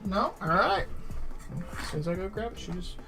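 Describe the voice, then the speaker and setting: A man's voice: high voice, big pitch swings, normal speed, creaky, music in the background. A man streaming a hobby painting session, chatting casually and using affectionate baby talk with his dog. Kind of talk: casual chat while playing with his dog.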